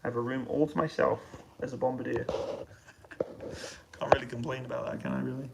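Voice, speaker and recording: British man chatting quietly with a gravelly edge. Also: medium pitch, a little fast, very noisy. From United Kingdom. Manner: relaxed, quiet voice to avoid waking neighbours. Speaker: livestream host answering chat questions. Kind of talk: casual live-stream chat. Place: hotel room on an army base.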